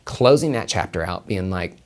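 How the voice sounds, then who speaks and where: A man with a deep, slightly mellow voice and lively intonation speaks at a normal speed. He hosts a solo podcast on tarot and numerology and reads tarot, talking emphatically, swearing a lot, repeating his points and calling the listener honey.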